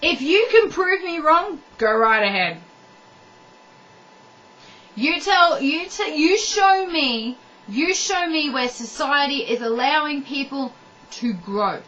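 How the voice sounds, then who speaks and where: A woman's voice: high voice, animated, takes it slowly, sharp tone, muffled recording. A woman ranting to the camera in a blunt, heated way, swearing and talking straight to the viewer. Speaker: vlogger. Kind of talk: ranting monologue.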